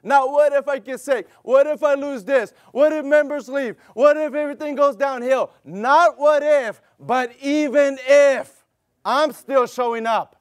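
A man's voice: very high voice, steady tone, moderate pace, few pauses, dry recording. A middle-aged man preaching as pastor, emphatic and repetitive, calling for amens and telling a family story. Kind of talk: sermon with personal story.

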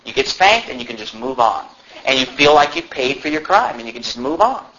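A man preaching a sermon in an animated way, now and then shouting mocking impressions. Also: a little high, fairly quick, dull audio, slight background noise. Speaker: pastor.

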